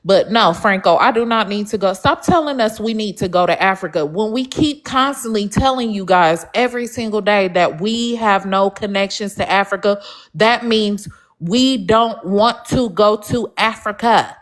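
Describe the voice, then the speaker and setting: A woman's voice: mid-range voice, normal speed. A woman from the United States arguing on a debate panel, blunt, sassy and dismissive.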